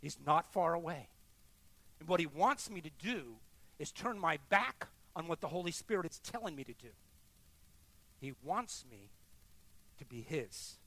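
Man, high-pitched, pastor, sermon in church, hushed lows and loud emphatic peaks. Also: no echo. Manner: dramatic swings from soft murmurs to loud emphatic bursts. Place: church sanctuary.

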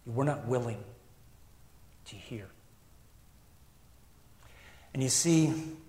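A man preaching a sermon in an earnest, reflective way, moving between emphatic lines and hushed ones. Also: medium pitch, roomy sound, long reverb tail.

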